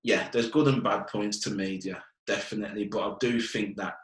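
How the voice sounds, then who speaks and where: A man's voice: on the low side, fairly even intonation, moderate pace, fairly bright tone. Frank Brummie man in an echoey room. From Birmingham, England. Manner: earnest, frank, keeps asking "do you get what I mean". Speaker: guest, fitness business owner. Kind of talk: casual conversational interview.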